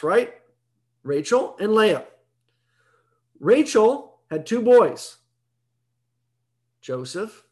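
A high-voiced man gives an evening Bible teaching conversationally, explaining things step by step and often checking in with "right?"

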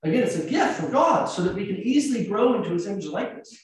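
An American man, a priest, gives a conversational sermon packed with anecdotes and rhetorical questions. His voice is high-pitched, expressive and fast, recorded from a distance in an echoey church.

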